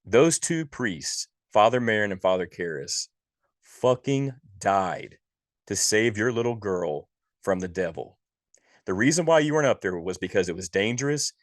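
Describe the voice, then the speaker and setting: Deep-voiced podcast guy ranting about a movie, swears a lot, dry sound. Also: expressive, moderate pace, dry recording. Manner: exasperated, profane ranting. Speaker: podcast co-host. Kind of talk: casual movie review chat.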